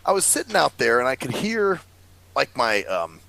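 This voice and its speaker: A man's voice: mid-range voice, wildly swooping pitch, moderate pace, vocal fry, pushed and bright, low-quality recording. A man rambling through a long story in casual chat, swearing freely and laughing often. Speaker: podcast co-host.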